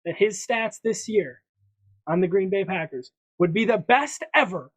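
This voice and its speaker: A man's voice: sits high, normal speed, breathy edge. A man hosting a sports prediction podcast, chatting casually in a presenting style, often restarting his sentences. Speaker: podcast host. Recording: dull lo-fi sound.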